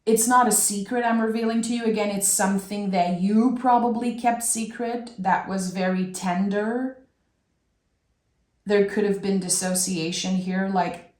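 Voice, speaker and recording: Woman, tarot reader, soft emotional delivery, unhurried, roomy echo. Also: lowish voice. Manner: slow, soft and emotional, with drawn-out phrases. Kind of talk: intuitive tarot reading.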